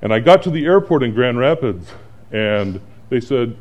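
A man's voice: mid-range voice, moderate pace, dull audio. A middle-aged man, a pastor, preaching a sermon and telling stories from his week. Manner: storytelling, animated when acting out panic.

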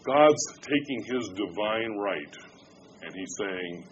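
Low-voiced man preaching a sermon. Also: expressive, slow, lo-fi sound, slight background noise. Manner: conversational preaching that swings from hushed to loud. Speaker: pastor.

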